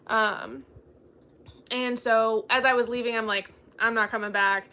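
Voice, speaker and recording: Bright bubbly young woman telling a story. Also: on the high side, fairly even intonation, unhurried. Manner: bubbly storytelling, acts out quoted dialogue. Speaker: book channel host. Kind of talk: casual chat.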